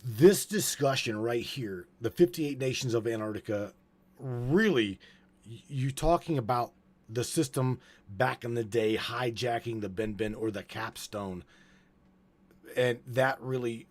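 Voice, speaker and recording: A man hosting a live broadcast, talking casually in halting bursts with many restarts, and getting worked up. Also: medium pitch. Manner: halting, stammers and restarts, grows excitable. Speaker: host.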